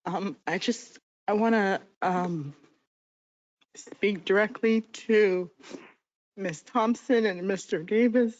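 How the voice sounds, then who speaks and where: A woman in her thirties, a city commissioner, speaking emotionally with halting pauses and fillers at a desk microphone. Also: mid-range voice, darkish tone, dry recording. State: emotional, near tears. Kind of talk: emotional public statement. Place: council chamber. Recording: dull lo-fi meeting audio.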